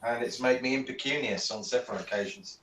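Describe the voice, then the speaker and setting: A man's voice: medium pitch, quick pace, fairly bright tone, roomy sound, far from the mic, slight background noise. A man in a casual group chat about hobbies, speaking theatrically and using old-fashioned words. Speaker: participant in online paint and chat.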